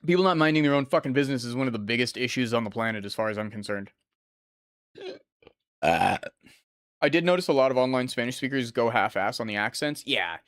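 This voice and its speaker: A man's voice: mid-range voice, a little fast, fairly bright tone, no room sound. A young man who speaks English natively, casually talking over a fighting game as a streamer, rambling and swearing freely. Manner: profane, rambling, chatty. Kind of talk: casual gameplay commentary.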